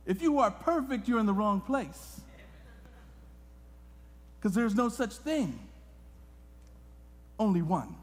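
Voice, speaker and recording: Impassioned high-voiced male preacher. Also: expressive, unhurried, pauses often. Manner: impassioned preaching, swinging from hushed to loud. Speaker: guest pastor. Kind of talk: sermon. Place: church sanctuary. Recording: long reverb of a church hall.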